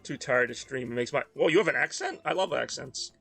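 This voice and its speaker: A man's voice: mid-range voice, animated, a little fast, vocal fry, fairly bright tone, breathy edge, soft background music. A man from the Northeast US, tired and rambling in casual chat while streaming a racing game. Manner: rambling, self-deprecating, mumbly asides.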